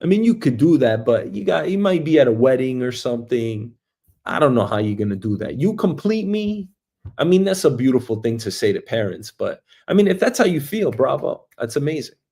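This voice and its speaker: A man from Queens, hosting a show and telling a meandering comic story, swinging between loud bursts and quiet asides. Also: mid-range voice, sing-song, a little fast. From Queens, New York, US. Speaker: show host. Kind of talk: rambling comic monologue. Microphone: streaming mic.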